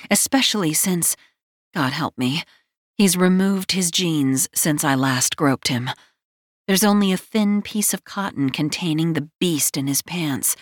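A woman's voice: lowish voice, dry recording. A woman narrating a first-person romance audiobook in a wry, self-mocking storytelling manner, close to the mic.

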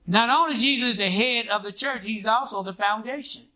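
Fairly quick and forceful, this pastor's high, bright voice drives a call-and-response sermon. He keeps nudging the congregation with "what?" and "huh?", then pauses for them to reply.

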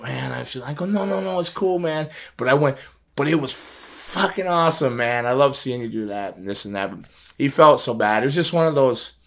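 A middle-aged man with a fairly low voice, telling a personal story in loose, casual chat. He jumps into quoted conversations with lively shifts and laughs often as he goes. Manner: animated, acts out quoted phone calls, laughs often. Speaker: podcast host telling a story.

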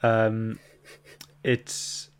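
A man hosting a casual book club podcast, reading out viewer questions in a relaxed way. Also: lowish voice, extremely slow, smooth.

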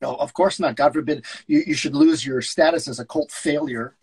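A man's voice: fairly high pitch, moderate pace, background noise, lightly acted. A man reading the part of a curmudgeonly older talent agent in a script read-through, flustered, stammering and sarcastic.

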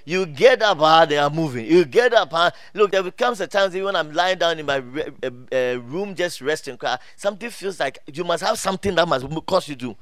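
A middle-aged man preaching a sermon in a high voice, recorded dry with little room sound. He calls out to the congregation, laughs often and repeats himself as he builds his points. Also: moderate pace, no room sound. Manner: animated preaching with call-outs to the congregation; laughs often, many restarts and fillers. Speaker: pastor.

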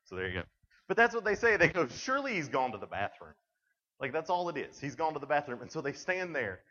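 Lively man telling a camp sermon. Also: fairly high pitch, quick pace. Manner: lively, conversational storytelling with many "like"s. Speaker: camp speaker. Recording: dull lo-fi recording.

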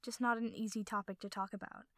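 A woman voicing a guarded eighteen-year-old young man who speaks quietly and reluctantly. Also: high voice, flat delivery, fast, no echo, studio quality.

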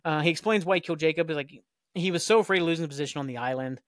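A man's voice: on the high side, rapid-fire, dry recording. Rambling man recapping an episode, dry sound. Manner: rambling, filler-heavy, swears casually. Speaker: podcast host.

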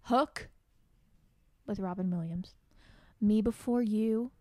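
A woman co-hosting a casual podcast chat with her boyfriend, arguing her points quickly and firmly. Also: mid-range voice, darkish tone, dry recording, clean studio sound. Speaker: podcast co-host.

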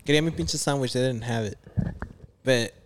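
A man's voice: medium pitch, brisk, slight background noise. A young man chatting casually with friends, giving a laid-back recap that mixes English and Spanish. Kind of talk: casual chat among friends.

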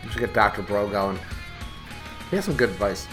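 A man co-hosting a podcast in casual chat, with a dry manner that trails off quietly. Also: fairly low pitch, expressive, a little fast, music in the background. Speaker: podcast co-host.

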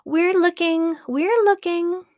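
A woman voicing a troop of eager little monkeys in a storybook reading, squeaky and excited. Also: slow pace, no room sound, studio quality. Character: six eager little monkeys, chattering together.

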